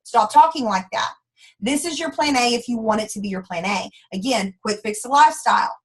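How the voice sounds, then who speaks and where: A woman giving an energetic, preachy motivational training talk to her sales team. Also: fairly high pitch, fairly quick. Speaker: network marketing team leader.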